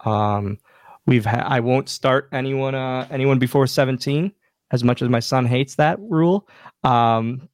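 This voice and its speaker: A man guesting on a podcast, telling animated stories and acting out quoted lines in casual conversation. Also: medium pitch, no room sound, clean studio sound. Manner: animated anecdotes with acted-out quotes. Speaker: podcast guest, wrestler and wrestling school owner. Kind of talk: casual interview storytelling.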